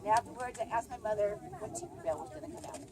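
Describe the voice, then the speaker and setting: A woman park ranger giving a spirited storytelling talk to visitors at an outdoor amphitheater, shouting out some lines, recorded by a camera in the audience. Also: fairly high pitch, lively intonation, racing, crowd noise. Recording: noisy outdoor camera audio.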